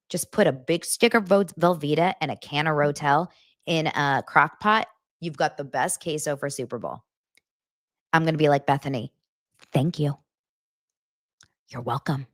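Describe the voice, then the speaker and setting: A woman in her thirties hosting a casual livestream, chatty and animated as she reacts to chat comments. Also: low voice, normal speed, no echo, studio quality. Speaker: livestream host.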